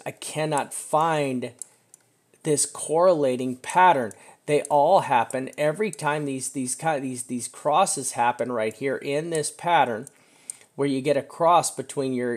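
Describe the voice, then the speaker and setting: A man's voice: medium pitch, darkish tone. A man giving casual, emphatic commentary on market charts, often checking in with "right?" and venting frustration now and then. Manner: chatty, emphatic, keeps asking "right?"; frustrated outbursts. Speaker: crypto chart analyst. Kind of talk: screen-share market commentary.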